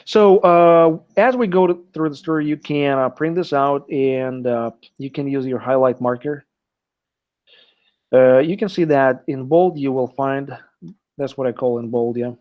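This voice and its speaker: A man's voice: medium pitch, a little slow. A man teaching an English class live online, explaining step by step and checking in often with "okay", heard through a computer mic on a video call. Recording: dull lo-fi online call audio.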